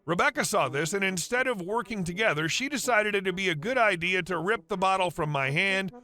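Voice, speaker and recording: A man narrating reddit stories in a brisk, even, scripted read. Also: high-pitched.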